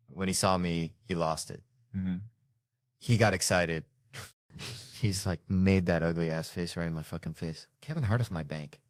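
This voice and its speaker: A man doing stand-up, telling stories in a profane, animated, exasperated rant. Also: low voice, dry recording, clean studio sound. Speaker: stand-up comedian. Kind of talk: stand-up storytelling.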